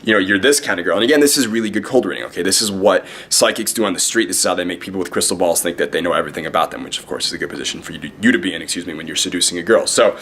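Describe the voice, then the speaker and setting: A man's voice: deep voice, a bit bright. A young man giving dating advice in a brash, cocky, profane way, speaking straight to the camera. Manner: brash, profane, fast-talking; cocky, self-promoting. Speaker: dating coach. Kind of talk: direct-to-camera advice vlog.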